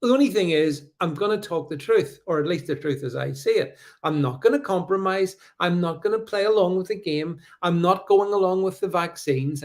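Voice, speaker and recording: A middle-aged man hosts a live stream, reading viewer comments aloud in a combative, sarcastic way, full of fillers and restarts. His voice is fairly high and a little mellow.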